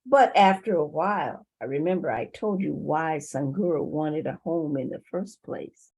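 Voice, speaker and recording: A woman telling a folk tale to a community group in an unhurried way. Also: low voice, vocal fry, husky, low-quality recording. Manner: lively, unhurried, with pauses. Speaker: storyteller.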